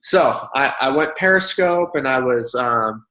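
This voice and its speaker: A man speaking as a guest, telling stories in a casual, animated way and acting out other people's lines. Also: mid-range voice, unhurried. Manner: animated, acts out quoted voices. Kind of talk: casual storytelling. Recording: roomy echo.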